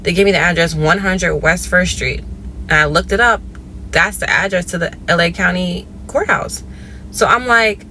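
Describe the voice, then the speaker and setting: A woman from Georgia telling a story in a casual, animated way, acting out phone dialogue with big jumps in pitch. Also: normal speed, a little hiss or hum. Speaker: storyteller in a viral clip.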